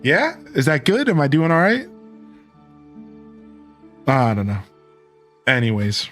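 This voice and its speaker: A man's voice: a little high, slow, faint music behind. A man in his thirties from Ohio with an Ohio accent, chatting casually with viewers as a live streamer, rambling and correcting himself. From Ohio, USA. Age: 30s. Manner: rambling, self-correcting, animated.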